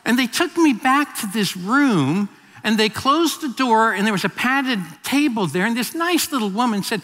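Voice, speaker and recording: A male pastor in his fifties preaches a sermon, with a high, bright, ringing voice. He tells stories with frequent restarts and repeated words. The sound carries a long reverb, as in a large hall. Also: animated, normal speed. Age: 50s.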